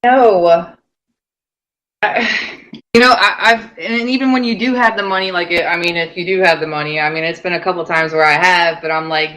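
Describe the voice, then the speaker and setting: A woman hosting a casual paranormal radio talk show, chatty and quick to laugh, rambling a bit as she talks. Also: on the low side, fairly even intonation, a bit bright. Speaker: host.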